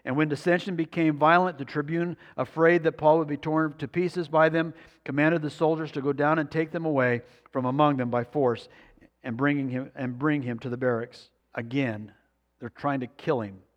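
A man's voice: a little high, steady tone, normal speed, long reverb tail, highs cut off. A man preaching a sermon, reading scripture aloud and asking the congregation rhetorical questions. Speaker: pastor.

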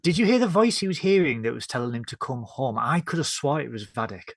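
A man's voice: medium pitch, sing-song, fast, no echo. Chatty northern English man, dry close sound. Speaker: podcast co-host. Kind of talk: casual review chat.

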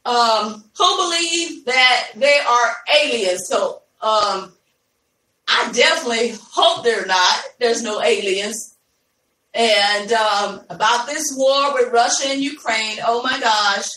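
Chatty woman host, unhurried and bright, recorded at a distance in an echoey room. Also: a little high. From Ohio, USA. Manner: chatty, addresses listeners as y'all, laughs easily. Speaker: podcast host. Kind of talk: casual live podcast chat.

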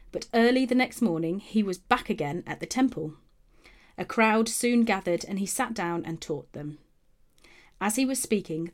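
A woman reads a Bible passage aloud in a steady, clear storytelling voice. Her pitch sits in a middle range. Phrase ends fall gently as she moves through the story. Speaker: narrator. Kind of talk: scripted Bible narration.

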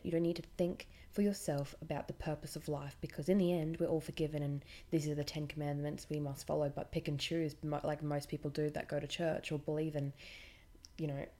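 A woman's voice: deep voice, dark tone. A woman, a podcast host telling a story in casual, blunt and irreverent chat, swearing freely.

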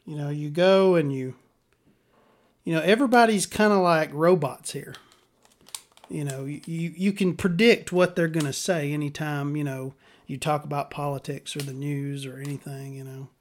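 A man's voice: on the high side, fairly even intonation, moderate pace. A man, hosting a podcast in a rambling, profane, sardonic monologue. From Southern US. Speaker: podcast host.

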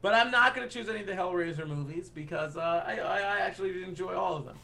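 A man's voice: sits high, fast talker, creaky, pushed and bright. A man co-hosting a casual movie podcast, giving blunt, emphatic opinions and repeating points for effect. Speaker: podcast co-host.

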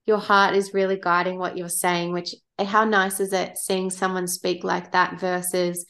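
A woman's voice: on the low side, flat delivery, a little slow, a bit bright. A woman hosting a podcast, asking questions and encouraging her guest in a friendly, affirming way. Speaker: podcast host. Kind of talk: casual interview chat.

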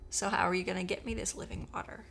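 A woman's voice: fairly low pitch, fairly even intonation, quick pace, gravelly, fairly bright tone, a little hiss or hum. A woman voicing a blunt, skeptical Samaritan woman in a comedic Bible retelling, sassy and incredulous.

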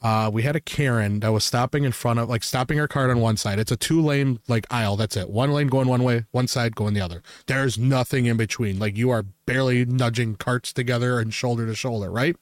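A young man telling rambling, jokey stories on a casual podcast, laughing often and putting on loud silly voices. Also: medium pitch, steady tone, a little fast, hardly any pauses, no room sound, clean studio sound. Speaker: podcast host. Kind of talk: casual podcast chat, storytelling.

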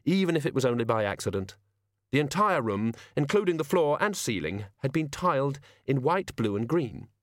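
A man narrating a comic fantasy audiobook in a wry, expressive storytelling manner. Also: medium pitch, dry recording, studio quality. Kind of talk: scripted narration.

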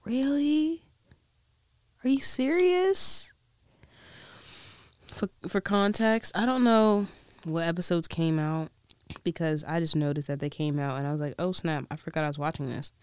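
A young woman vlogger chatting casually about TV shows in a put-on British accent, slangy and animated, with whispered asides. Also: low voice, brisk, clean tone, no echo. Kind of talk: casual chat recapping TV shows.

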